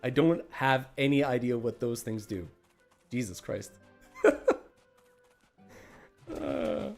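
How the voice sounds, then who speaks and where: A man's voice: medium pitch, expressive, takes it slowly, vocal fry, darkish tone, soft background music. A man giving casual live commentary while playing a game, rambling and self-deprecating as he thinks aloud. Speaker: gaming livestreamer.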